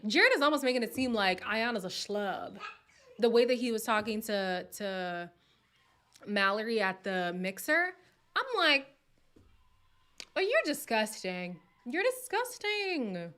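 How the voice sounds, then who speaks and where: A woman hosts a relaxed live stream from home. She chats in a playful, gossipy way, often laughs, and sometimes slips into a whisper. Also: mid-range voice, measured pace. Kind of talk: casual live chat reacting to viewer comments.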